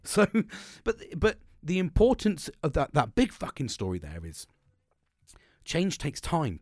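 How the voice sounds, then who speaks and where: A man's voice: on the high side, sing-song, moderate pace, dry recording, studio quality. A man talking frankly in a casual monologue, rambling and swearing as he restarts his sentences.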